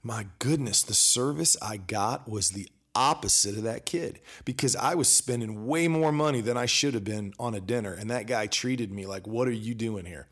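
A man tells a rambling personal story on his podcast in a middle-pitched, ordinary voice. He is loose and conversational, and he leans into the retelling by playing out both sides of the exchanges. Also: normal speed, few pauses, a bit bright. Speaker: podcast host. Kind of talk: casual storytelling monologue.

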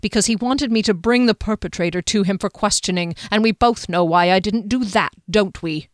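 Audiobook captain, young man, earnest and bitter, smooth close voice, read by a woman. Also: medium pitch, moderate pace, no room sound, lightly acted.

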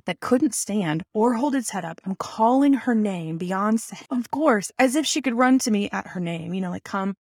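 A woman telling a personal story in an animated, self-mocking way, full of rambling asides. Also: mid-range voice, moderate pace, hardly any pauses, no room sound, studio quality.

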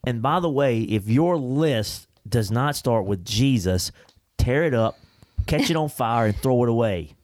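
A man's voice: medium pitch, expressive, measured pace, a little mellow, no room sound. A man hosting a faith podcast, talking in an emphatic, preacherly and jokey way about thankfulness. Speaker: podcast host. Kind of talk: casual faith discussion.

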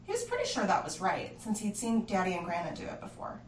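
A woman narrates a creepy horror tale in an expressive, hushed storytelling voice. She sounds roomy and set back from the mic, with faint ambience in the background. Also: fairly low pitch, quick pace, far from the mic, slight background noise.

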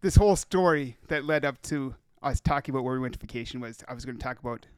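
A man's voice: medium pitch, fast talker, clear, resonant tone, no room sound, studio quality. A man from Minnesota co-hosting a casual podcast, telling rambling travel stories and laughing often. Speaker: podcast co-host. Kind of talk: casual chat.

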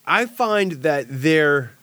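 A man trades stories on a casual podcast, laughing easily and talking in slang. His voice sits a little high and leaps up and down as he gets animated. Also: very slow, no room sound.

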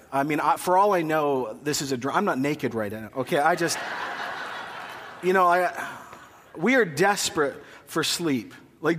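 Higher-voiced pastor preaching in a hall. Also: male voice. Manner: storytelling with humor and asides. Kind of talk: sermon. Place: church sanctuary.

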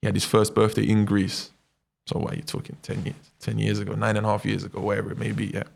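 A footballer, low and gravelly. He tells his stories animatedly, leaning on fillers and tag questions to pull the listener in. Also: completely flat delivery, quick pace. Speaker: footballer guest. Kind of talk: casual interview chat.

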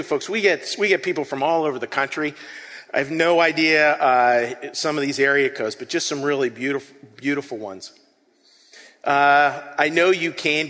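Earnest preacher man in a reverberant hall. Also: fairly high pitch. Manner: animated, earnest, repeats words often. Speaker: pastor. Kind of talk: interactive sermon. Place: church hall.

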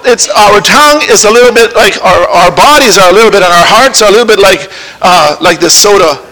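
A man's voice: sits high, fairly quick, sharp tone, poor audio. A man giving a children's sermon in church, playfully coaxing the kids with questions. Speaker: preacher giving a children's lesson.

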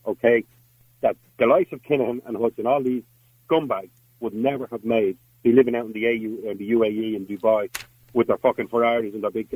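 A man's voice: medium pitch, a little mellow, husky, no echo, rough recording. An Irish man in his fifties hosting a talk radio debate, blunt and emphatic, swearing now and then. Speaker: radio host.

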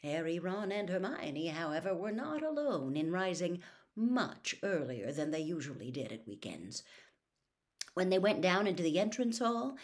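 A woman reading a storybook aloud in an expressive, dramatic way. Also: on the low side. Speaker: narrator.

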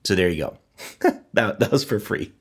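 A man's voice: on the low side, expressive, normal speed, husky. A middle-aged man with a wheezy voice from a cold, chatting casually as a podcast host and laughing at his own stories. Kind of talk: casual monologue.

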